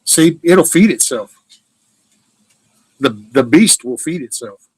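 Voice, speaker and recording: A middle-aged man talks in a loose, meandering monologue. He is blunt and swears freely, and his voice sits a touch higher than most men's. The sound is close and dry, with no room echo. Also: lively intonation, slow, darkish tone, husky. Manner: blunt, profane, meandering with restarts. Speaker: livestream host. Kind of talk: rambling casual monologue.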